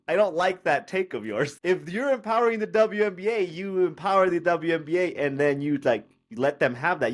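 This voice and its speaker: A man co-hosting a sports podcast, talking in a measured way with frequent restarts. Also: fairly high pitch. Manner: measured, hesitant, restarts often. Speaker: podcast co-host. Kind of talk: casual sports debate.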